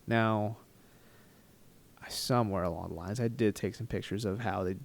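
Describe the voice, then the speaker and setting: A man telling a travel story in a rambling, animated, self-mocking storytime vlog style. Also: on the low side, moderate pace, vocal fry, a little hiss or hum. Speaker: travel vlogger.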